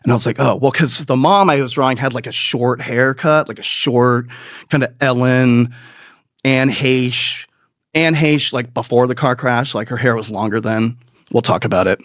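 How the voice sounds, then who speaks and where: A middle-aged male comedian spins a long, profane story full of tangents and asides. His voice sits at an ordinary pitch, and the recording is dry and close. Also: moderate pace, dry recording. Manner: profane, rambling, animated asides. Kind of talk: stand-up storytelling.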